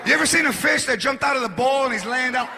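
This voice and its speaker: A man doing shouty, animated stand-up storytelling on a live stage. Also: very high voice, fast, creaky. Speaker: stand-up comedian. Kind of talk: stand-up comedy. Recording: live stage, loud crowd, noisy.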